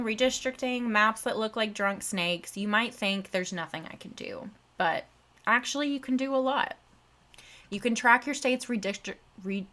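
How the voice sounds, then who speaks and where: Casting note: woman, political commentary host, mid pitch, direct and opinionated. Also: pushed and bright. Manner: opinionated, direct asides to listeners. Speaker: podcast host.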